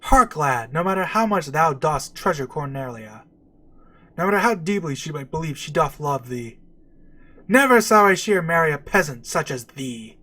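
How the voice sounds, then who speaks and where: A man voicing a pompous, archaic-speaking king in a hammy stage-play style, drawing out each line slowly and loudly. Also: expressive. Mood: grandly theatrical. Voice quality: booming, drawn-out stage delivery. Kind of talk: hammy read-along voice acting.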